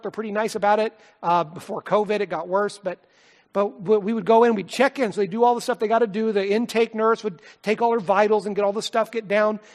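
During his sermon, a high-voiced male pastor shares a personal anecdote with heartfelt sincerity, frequently letting his voice fall to a gentle hush.

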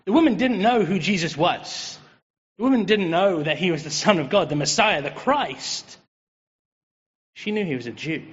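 An English man giving a chatty, lively sermon as a preacher, joking with the congregation. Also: high voice, moderate pace. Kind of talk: conversational sermon. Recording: dull, reverberant hall sound.

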